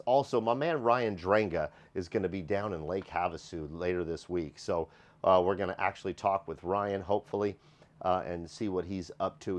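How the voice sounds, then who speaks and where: A man hosting a motorhome sales show, walking through a coach inside it and praising it in an upbeat, enthusiastic way. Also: low voice. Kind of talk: casual walkthrough tour presentation.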